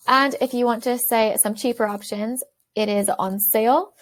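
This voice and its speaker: A woman teaching beginners in a self-recorded video lesson, repeating words slowly and clearly for learners. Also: fairly high pitch. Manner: clear, slow repetition for learners. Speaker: language teacher.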